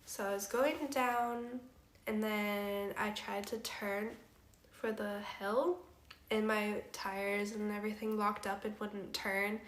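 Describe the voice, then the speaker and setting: A young woman tells a casual story on stream, laughing easily and leaning on fillers. Her voice sits at a middle pitch. The room around her has a roomy echo. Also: little pitch movement, takes it slowly, a bit bright. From Canada. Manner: chatty, laughs often, filler-heavy. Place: house room.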